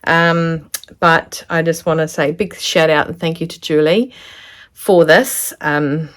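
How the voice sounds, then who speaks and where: A woman sewing vlogger talks casually to her viewers. Her voice sits a little low, and she gushes over what she shows, now and then dropping to a soft whisper. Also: fairly even intonation, measured pace. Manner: gushing, chatty, drops into soft whispers. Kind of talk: casual unboxing chat to camera.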